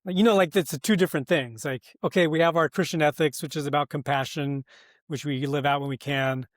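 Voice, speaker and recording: A man's voice: fairly high pitch, fairly even intonation, brisk, dry recording, studio quality. An American man, a pastor and author, talking earnestly in a podcast interview, thinking aloud with many fillers and restarts. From United States.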